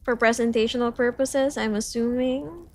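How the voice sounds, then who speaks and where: A woman's voice: fairly even intonation, normal speed, darkish tone. A young woman from the Philippines on a study livestream, reading notes aloud and breaking off for giggly, self-conscious greetings to chat. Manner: reads lessons aloud, then jumps to high cheerful greetings to chat. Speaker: streamer.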